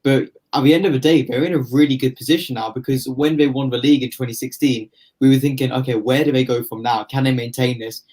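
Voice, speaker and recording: A man's voice: mid-range voice, fairly even intonation, fast, a little mellow. Man giving long football opinions. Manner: long flowing opinionated explanations. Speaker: football podcast pundit. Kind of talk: casual football podcast analysis.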